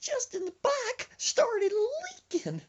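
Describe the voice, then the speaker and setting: A man voicing his timid, panicky teenage friend in a shrill, sobbing falsetto. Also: huge pitch swings, slow pace, slight background noise, exaggerated voice. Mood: panicky whining. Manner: frantic, whiny, sobbing.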